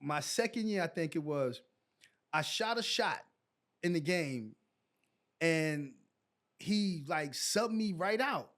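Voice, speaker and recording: A man's voice: on the high side, slow, pauses often. A man in his forties, a former basketball player, telling stories in a casual interview and acting out what others said. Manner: animated storyteller acting out quotes.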